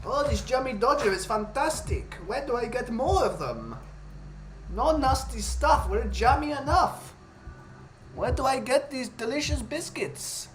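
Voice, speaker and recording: A man's voice: extremely high pitch, animated, a little slow, echoey room, slight background noise, voice pushed up, poor audio. A man voicing an effusive male rabbi who gushes in an exaggerated way over a biscuit. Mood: gushing. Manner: exaggerated, gushing.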